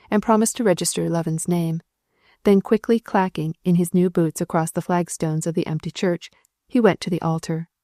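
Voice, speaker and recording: Woman audiobook narrator, measured reading, dark mellow voice. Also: fairly low pitch, dry recording, clean studio sound. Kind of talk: scripted novel narration.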